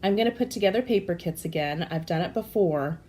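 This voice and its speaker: Raspy, hoarse woman in her forties. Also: lowish voice, expressive, a little fast, warm tone, slight background noise. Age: 40s. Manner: chatty and apologetic, with frequent fillers. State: hoarse from allergies. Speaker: vlogger giving a craft room tour. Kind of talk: casual home tour chat. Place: craft room and home office indoors.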